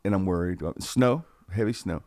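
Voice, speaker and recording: On a casual podcast, a man who works as a radio personality spins stories in a low voice at normal speed. He gets animated and raises his voice to act out quotes, and there's no room sound.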